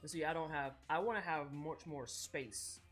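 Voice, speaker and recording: A young woman streamer chatting casually while baking, animated and quick to swear, acting out little voices as she tells stories. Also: sits low. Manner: animated, swears freely, acts out characters in voices. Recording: faint music behind.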